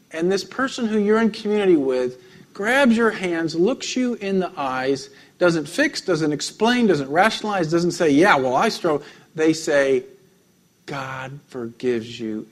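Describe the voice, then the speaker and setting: A man, a pastor, preaching a sermon, telling stories with frequent light laughs and drops to a soft, intimate tone. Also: high-pitched, expressive, unhurried.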